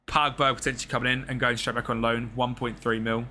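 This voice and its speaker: A man's voice: medium pitch, flat delivery, fast, pushed and bright, a little hiss or hum. A young man streaming a football management game, chatting casually with viewers and swearing freely. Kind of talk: live gameplay commentary.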